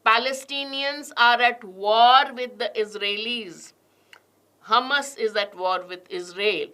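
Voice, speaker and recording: A woman leads an online exam prep lesson. Her voice is bright and a little high. She reads passages slowly and deliberately, leaning hard on linking words, then turns to quiz her students. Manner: reads passages aloud with strong stress on linking words, asks the class questions. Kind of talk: online class lecture.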